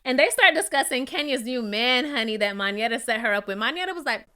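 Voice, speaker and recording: A woman giving casual, gossipy commentary on a reality TV episode, sassy and quick to laugh. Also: on the high side, expressive, pushed and bright, clean tone. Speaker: reality TV reviewer.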